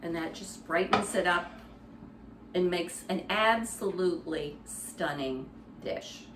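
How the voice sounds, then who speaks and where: Slow-talking woman demonstrating a recipe. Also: lowish voice, reverberant, far from the mic, noisy background. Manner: relaxed, conversational explaining with fillers. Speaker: cooking demonstrator. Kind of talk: cooking demonstration. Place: kitchen.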